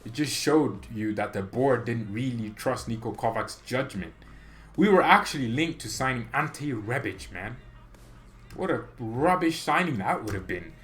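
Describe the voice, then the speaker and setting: A man of ordinary pitch hosts a casual fan reaction vlog, rambling from point to point with strong opinions. His voice jumps up in pitch and loudness when he gets excited, and he laughs often between points. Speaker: football fan channel host.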